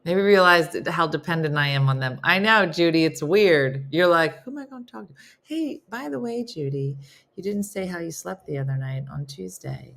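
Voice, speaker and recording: A woman's voice: deep voice, expressive, normal speed, vocal fry, fairly bright tone. A middle-aged woman hosting a casual live morning chat, laughing often and talking playfully to her viewers. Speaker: host of a live morning show.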